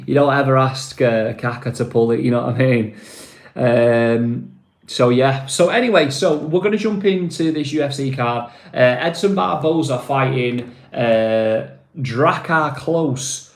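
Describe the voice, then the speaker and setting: A man's voice: mid-range voice, measured pace, roomy sound. A man from Manchester with a Mancunian accent, hosting a casual live stream, rambling with lots of fillers and calling viewers mate. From Manchester, England.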